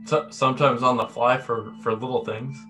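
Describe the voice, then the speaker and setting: A man's voice: mid-range voice, fairly even intonation, normal speed, bright, forceful tone, soft background music. Hesitant male tabletop player.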